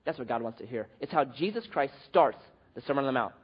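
Husky-voiced male pastor preaching. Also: medium pitch, fast talker, dull audio. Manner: animated storytelling with acted quotes. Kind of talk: sermon.

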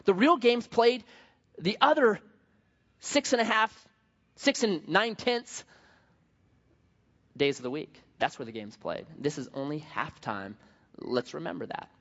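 A man's voice: fairly high pitch, measured pace, pauses often, fairly bright tone. A man preaching a sermon in a conversational, jokey way, often restarting his sentences. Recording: dull sound with long hall reverb.

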